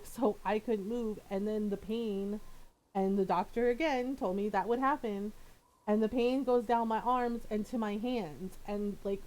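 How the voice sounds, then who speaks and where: A middle-aged woman talking casually on her live stream, open and rambling. Her voice sits at an ordinary middle pitch, and she slips small laughs in between her phrases. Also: darkish tone.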